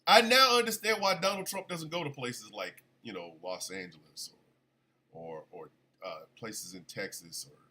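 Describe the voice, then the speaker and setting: A man hosting a casual live radio show, chatty and animated, still congested from an illness. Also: mid-range voice, normal speed. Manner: chatty, animated, shouts at his dogs. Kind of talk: casual livestream talk radio.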